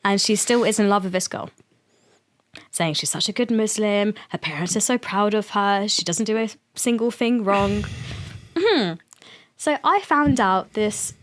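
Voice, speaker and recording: A woman's voice: mid-range voice, expressive, unhurried. Laughing, swearing young woman on a podcast. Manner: laughs often, swears, acts out her mother in quotes. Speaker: podcast guest. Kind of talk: casual podcast chat.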